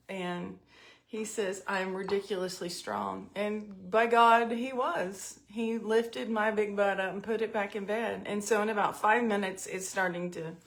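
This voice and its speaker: A middle-aged woman tells a rambling story at home in an unhurried, drawn-out way, her voice sitting at an ordinary middle pitch. She is chatty and pokes fun at herself as she works through her makeup routine. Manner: chatty, self-mocking storyteller. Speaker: vlogger doing makeup. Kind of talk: casual storytelling vlog.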